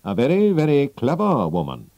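A man reading aloud, voicing a confident male detective who explains briskly. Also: mid-range voice, wildly swooping pitch, dark tone, no room sound, pitched above the performer's own voice. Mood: cool. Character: sharp, confident male detective, middle-aged.

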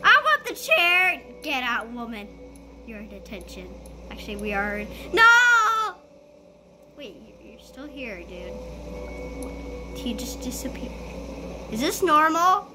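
A woman playing a school role-play game, talking excitedly through it and bursting into shrieks and giggles. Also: high voice, takes it slowly, long pauses, heavy background noise. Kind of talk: playful gameplay commentary.

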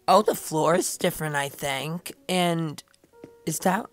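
A young woman host giving casual gameplay commentary, chatty, dramatic and playful with quick asides. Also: low-pitched, soft background music. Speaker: gaming channel host.

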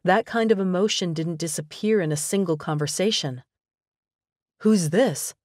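A woman narrating a romance audiobook with measured, even pacing. Her voice sits low, and the recording is dry and close. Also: no room sound. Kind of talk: scripted narration.

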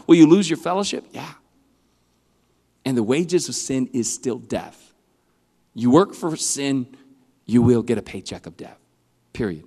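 A man preaching a youth sermon in a church, animated and swinging between loud and hushed. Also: mid-range voice, normal speed, long pauses. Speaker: youth pastor. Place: church hall. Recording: long hall reverb.

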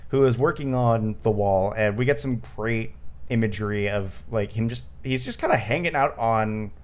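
A man's voice: fairly low pitch, moderate pace. A man hosting a casual movie commentary podcast, rambling with lots of fillers and frequent laughs. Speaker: podcast host.

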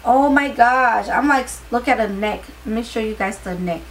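A tired woman vlogger chatting casually to her viewers during a clothing haul, excitable, with her voice starting to crack. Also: medium pitch, a little fast, a little hiss or hum, poor audio. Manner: excitable, talks straight to viewers.

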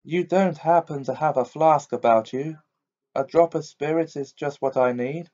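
A man's voice: on the high side, normal speed, dark tone, lightly acted. A man doing a babbling, frightened old uncle. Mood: pleading. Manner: babbling, pleading, fussy. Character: fussy, frightened elderly gentleman uncle. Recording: dull lo-fi recording.

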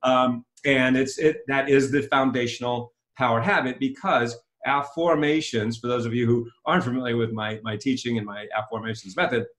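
A man speaks as a self-help coach being interviewed, enthusiastic and self-promoting. His voice sits at an ordinary middle pitch, and he circles back over his own phrases while explaining. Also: fairly even intonation, normal speed, hardly any pauses, fairly bright tone.

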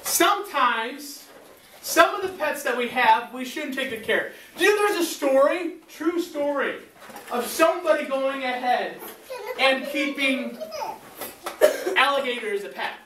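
Animated woman teaching children in echoey hall. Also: high voice, unhurried, slight background noise. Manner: animated, asks the children questions. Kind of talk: children's sermon storytelling. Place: large church hall. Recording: echoey hall, recorded from far off.

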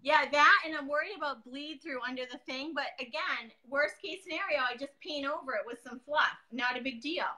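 A woman's voice: high voice, a little fast, few pauses, sharp tone, rough recording. A woman in her thirties, a guest painter chatting casually on a live demo, joking and telling stories. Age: 30s.

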